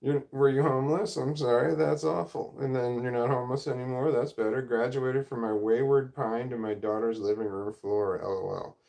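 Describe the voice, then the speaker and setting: With a warm, gravelly voice of medium pitch, a middle-aged man hosts a casual home livestream, reading chat and rambling into tangents. His tone stays steady, his pace moderate, and he barely pauses. He's easily sidetracked and self-deprecating, recorded indoors on a camera or phone mic at his desk.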